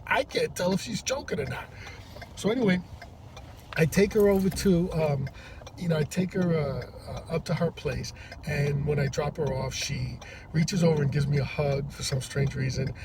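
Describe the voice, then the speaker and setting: A man who drives for a rideshare service, telling a story to camera in a halting, rambling way, from inside a parked car. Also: on the high side. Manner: rambling, halting with many restarts. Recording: distant mic with loud traffic noise. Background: loud vehicle and road noise.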